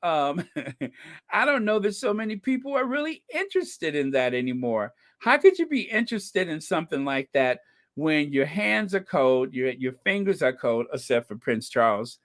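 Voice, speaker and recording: A man with a fairly high, very animated voice hosts a casual live podcast at a moderate pace. Offering casual live-stream commentary, he chats with viewers, thanks them by name, and tosses in wry, laughing asides.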